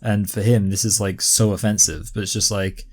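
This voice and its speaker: A man's voice: lowish voice, little pitch movement, moderate pace. A young man giving casual reaction commentary, rambling with many fillers and getting exasperated.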